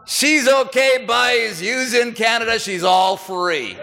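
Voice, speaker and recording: A man's voice: extremely high pitch, animated, slow, creaky, pushed and bright, big-room sound, soft background music, full character voice. A man voicing a cheerful search and rescue sergeant with a Newfoundland accent, plain-spoken and folksy. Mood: easygoing.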